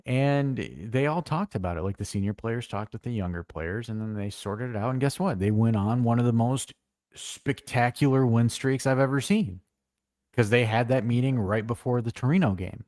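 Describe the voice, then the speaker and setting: A man co-hosting a casual football live stream, blunt and animated, swearing freely as he tells stories. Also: mid-range voice, no echo, clean studio sound. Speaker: co-host.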